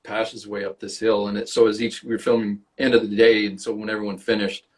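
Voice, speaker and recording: A man's voice: lowish voice, little pitch movement, fast talker. A man with a Canadian accent, an actor and guest on an interview podcast, tells casual stories and swears freely. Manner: swears freely, storytelling with acted quotes.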